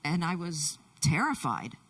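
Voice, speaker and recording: A woman interpreter voicing a Deaf man's testimony in the first person, halting, with many restarts, in a church. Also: sits low, big pitch swings, fairly bright tone, husky, recorded from a distance, poor audio. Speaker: sign language interpreter.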